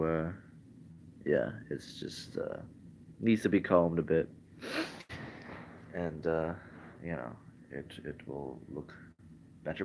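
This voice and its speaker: A young man with a deep, gravelly voice rambles slowly from his bed, pausing often on fillers. The camera mic sounds muffled, with a faint hiss behind it. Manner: meandering, many fillers. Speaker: vlogger. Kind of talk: casual rambling livestream. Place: in bed at home.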